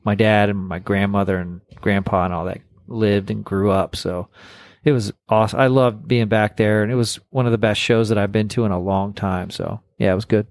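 A man with a Texas accent, co-hosting a casual hobby podcast and telling lively stories. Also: on the low side, fairly quick, no echo. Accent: Texan. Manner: animated storyteller, acts out quoted voices. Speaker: podcast co-host. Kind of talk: casual chat.

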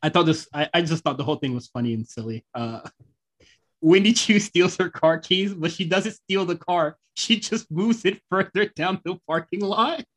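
A man's voice: high-pitched, normal speed, fairly bright tone. A man co-hosting a podcast, chatting casually about wrestling, laid-back, laughing often and swearing freely. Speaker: podcast co-host.

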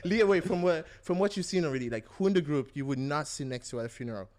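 Young male podcast host, slightly high voice, rambling and jokey. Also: lively intonation, fast talker. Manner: joking, rambling. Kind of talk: casual chat.

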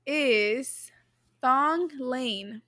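A woman's voice: high voice, extremely slow, pushed and bright, no echo, clean studio sound. A woman co-hosting a casual podcast chat, rambling with fillers and restarts and laughing easily. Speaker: podcast co-host reading the quiz.

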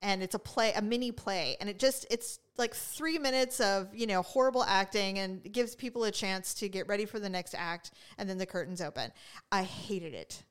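Speaking at a normal speed in a clean, medium-pitched voice, a middle-aged woman co-hosting a podcast relays stories in relaxed chat. She's lively, acting out quotes and laughing frequently.

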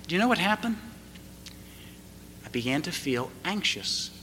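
A middle-aged man preaching a sermon, telling a family story slowly and deliberately, building to emphatic moments. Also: fairly high pitch, very animated, bright, forceful tone, a little hiss or hum. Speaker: pastor. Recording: reverberant hall, faint ambience.

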